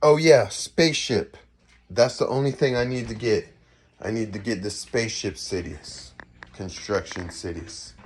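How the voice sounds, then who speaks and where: A man's voice: on the low side, normal speed, a little mellow, a little hiss or hum. A man rambling through a casual, half-improvised monologue, drifting from one fanciful idea to the next and swearing mildly now and then. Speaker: vlogger.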